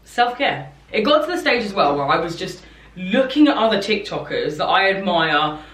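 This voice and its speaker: A woman's voice: mid-range voice, very animated, normal speed. A young woman talking candidly and ramblingly to camera in a confessional vlog. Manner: rambling, candid, self-reflective. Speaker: content creator. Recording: echoey room, distant mic, soft music.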